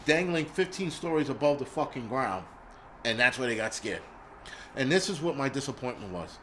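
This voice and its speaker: A man's voice: mid-range voice, fairly bright tone, a little hiss or hum. A middle-aged man, hosting a live stream in casual chat, blunt and profane as he vents.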